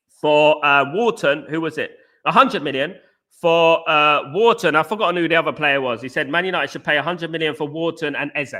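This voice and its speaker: A man's voice: fairly high pitch, sharp tone. A man hosting a casual live stream, rambling and talking straight to his chat viewers. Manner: chatty, rambling, addresses chat viewers directly. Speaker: livestream host.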